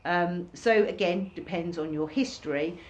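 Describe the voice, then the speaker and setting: Chatty woman teaching, low-pitched voice. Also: unhurried. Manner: chatty, acts out reactions in sudden high bursts. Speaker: workshop teacher. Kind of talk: informal recorded lesson.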